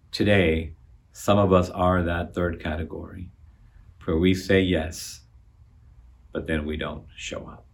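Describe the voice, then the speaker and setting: A male pastor preaching a sermon, building to loud emphatic appeals, then dropping low on key phrases, with frequent repeated words. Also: vocal fry.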